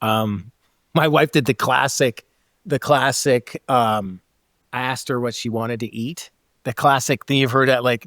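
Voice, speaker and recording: A man's voice: mid-range voice, steady tone, a little slow, a bit bright, no echo, studio quality. A man in a casual podcast conversation, talking animatedly and acting out bits of dialogue with frequent laughs.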